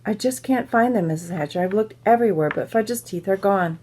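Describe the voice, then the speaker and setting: A woman voicing a bossy young girl who gets upset easily and talks in a pleading, drawn-out way. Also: medium pitch, a little mellow, slight background noise, lightly acted.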